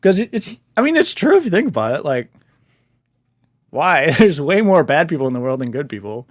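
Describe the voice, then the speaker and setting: A man's voice: a little high, sing-song, brisk, no echo, studio quality. Enthusiastic man chatting about a book. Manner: enthusiastic, chatty, laughs often. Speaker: book reviewer. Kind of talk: casual book review vlog.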